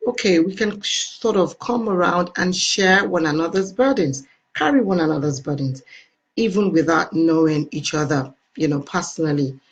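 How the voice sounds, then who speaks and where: A woman's voice: on the low side, normal speed. A woman with a Nigerian accent hosting a casual live stream, effusively greeting and thanking her viewers.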